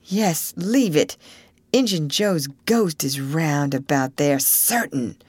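Woman reading as a superstitious country boy, slow drawl, nervous, dry close sound. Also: low voice, a little mellow, slightly rough, no echo, exaggerated voice. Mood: wary. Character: superstitious, wary young boy sidekick. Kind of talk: audiobook character reading.

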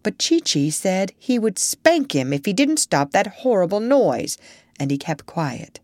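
Expressive woman reading a children's story. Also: medium pitch, a little slow, no echo, clean studio sound.

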